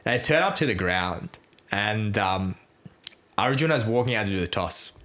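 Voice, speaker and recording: A man co-hosting a podcast, telling a sports story in casual, rambling chat full of fillers and quick asides. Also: fairly low pitch, lively intonation, a bit bright. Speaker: podcast co-host.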